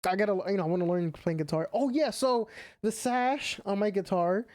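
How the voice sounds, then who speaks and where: A young man with a high-pitched, darkish-toned voice talks a little fast while streaming a game, rambling casually with frequent "like" and "you know" fillers. There's no room sound.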